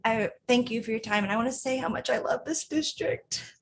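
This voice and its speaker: A woman's voice: fairly high pitch, brisk, slight background noise. A woman in her thirties, a parent giving public comment at a school board meeting, pleading earnestly and emotionally with her voice catching in tears.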